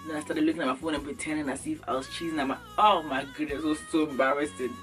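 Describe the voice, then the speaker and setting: A young woman from Ghana talks straight to her camera in a casual comedy vlog. She acts out little scenes, and her voice leaps up when she mimics people. Faint music plays quietly behind her. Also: low voice, racing. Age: young adult. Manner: animated, acts out little scenes with sudden jumps in voice. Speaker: beauty vlogger. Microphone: camera mic.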